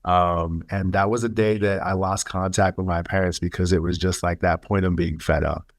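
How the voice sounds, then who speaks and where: A man sharing his life story as a webinar speaker, earnest and emotional, with halting pauses and fillers. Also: sits low, fairly even intonation. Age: adult, studying for a master's. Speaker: webinar speaker, youth mentor.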